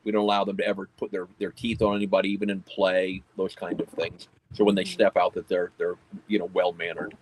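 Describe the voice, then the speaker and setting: A man's voice: deep voice, flat delivery, brisk, few pauses, slight background noise, poor audio. A man who owns a pest control company, explaining his dog-handling work in a plain, matter-of-fact way during an interview. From United States. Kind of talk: casual conversational interview.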